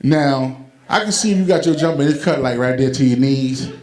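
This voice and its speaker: A man's voice: medium pitch, normal speed, roomy sound. A man from Brooklyn, doing a loose, rambling stand-up routine and laughing at his own jokes. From Brooklyn, New York. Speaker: stand-up comedian. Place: comedy event venue.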